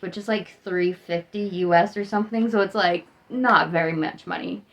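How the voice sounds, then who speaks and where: A woman's voice: on the low side, fairly even intonation, normal speed, few pauses, highs cut off. A young American woman chatting casually in a vlog, rambling and upbeat, sounding tired. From United States. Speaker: vlogger.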